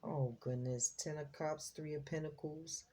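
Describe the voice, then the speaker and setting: A woman's voice: low-pitched, steady tone, unhurried, dark tone, husky. A woman hosting a tarot reading, talking in a chatty, slangy way and exclaiming as she reads the cards. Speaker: psychic tarot reader, host.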